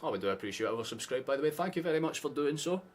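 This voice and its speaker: A man's voice: on the high side, lively intonation, rapid-fire, a little hiss or hum. A Scottish man hosting a live football watchalong, chatting casually with sarcastic asides and frequent swearing. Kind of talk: casual live match chat.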